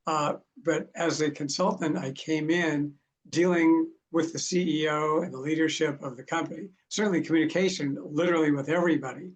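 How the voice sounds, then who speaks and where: Measured male consultant, slightly high. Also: fairly even intonation, a little hiss or hum. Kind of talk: panel discussion.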